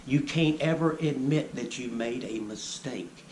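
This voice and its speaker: A male vlogger with a mid-range voice and a slightly slow delivery lectures his viewers in a preachy monologue, peppering them with rhetorical questions. The recording comes from an echoey room with faint ambient noise.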